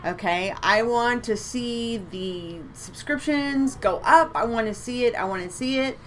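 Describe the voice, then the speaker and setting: A chatty woman co-hosts a casual live stream from home. Her voice sits fairly high, and she keeps an upbeat, repetitive flow, stacking words for emphasis over a faint background hiss. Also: a little slow. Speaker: co-host of a psychic reading stream.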